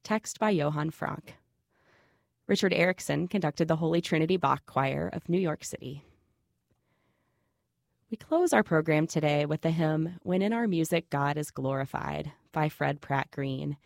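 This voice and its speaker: A woman hosting a sacred music radio program, reading scripted narration in a calm, measured, reverent way. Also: deep voice, creaky, no echo, clean studio sound.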